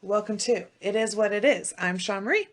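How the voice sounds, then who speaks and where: This woman co-hosts a casual podcast chat and tells her stories with lots of swearing. Her voice jumps from loud, high outbursts down to quiet, hushed asides. She sits at a middle pitch for a woman and speaks in her thirties' easy, unscripted way. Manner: animated storytelling, swearing, quick swings between loud and hushed. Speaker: podcast co-host.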